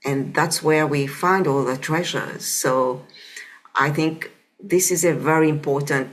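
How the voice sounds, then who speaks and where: A woman with a low-sitting voice hosts a podcast interview at a measured pace. The conversation is reflective, and she often adds "you know?"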